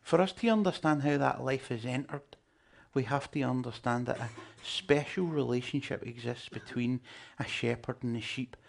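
A man's voice: medium pitch, moderate pace, gravelly, hardly any pauses. A man preaching a sermon, emphatic and joking with his listeners. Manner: emphatic, humorous asides to the congregation.

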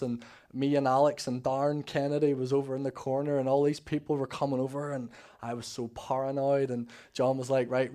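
Young Northern Irish man, church testimony, candid storyteller, steady monotone delivery. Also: medium pitch. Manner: candid storytelling, acting out quoted dialogue. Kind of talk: personal testimony.

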